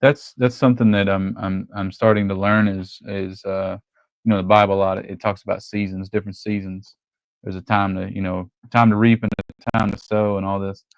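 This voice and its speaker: A man who is a guest on a podcast, talking in casual chat, halting and repeating words as he goes. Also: lowish voice, little pitch movement, no room sound, poor audio.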